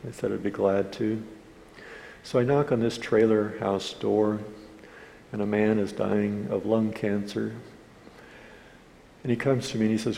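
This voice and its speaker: A male pastor with a low, dark, gravelly voice, preaching a sermon in which he tells an earnest story. His voice rings in a church hall with a long reverb and faint room noise. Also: level tone, moderate pace. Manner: earnest storytelling, quoting others in dialogue.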